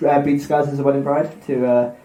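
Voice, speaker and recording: A man's voice: mid-range voice, little pitch movement, quick pace, dark tone. A man hosting a live podcast, retelling a myth with stumbles, giggles and restarts. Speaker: podcast host and narrator. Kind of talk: live comedic mythology retelling. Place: live event venue. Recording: echoey live room with crowd ambience.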